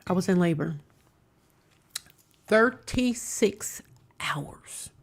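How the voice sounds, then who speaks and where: A woman hosting a live stream, telling a story with emphasis and sometimes dropping into hushed whispers. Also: on the low side, expressive, extremely slow, breathy edge. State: coughing at times. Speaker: stream host reacting to videos. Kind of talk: casual storytelling commentary.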